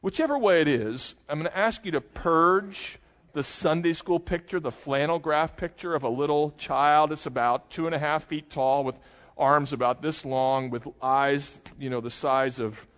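A man's voice: on the high side, moderate pace, a bit bright. A man preaching an expository sermon, conversational and explanatory, with dry asides. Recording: dull sound with long hall reverb.

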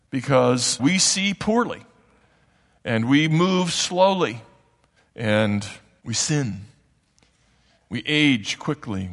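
Preacher in a long reverberant hall. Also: male voice, mid-range voice, a bit bright. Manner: conversational and explanatory, with asides. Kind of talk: sermon.

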